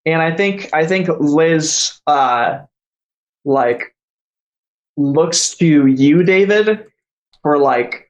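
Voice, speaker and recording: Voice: medium pitch, expressive, rough recording. A game master narrating a tabletop role-play over an online voice call, full of "like" and restarts. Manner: halting, filler-heavy narration.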